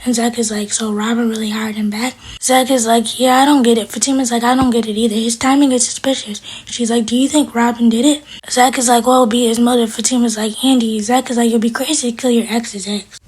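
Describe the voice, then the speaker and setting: A woman recapping a TV episode in a casual, animated way, quoting each character in her own voice. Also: fairly high pitch, fairly quick, hardly any pauses, husky. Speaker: TV episode reviewer. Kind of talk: casual recap, acting out lines.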